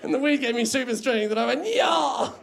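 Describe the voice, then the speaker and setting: A man's voice: extremely high pitch, steady tone, racing, very noisy. A man performing a stand-up comedy set, rambling and self-mocking and laughing at his own jokes.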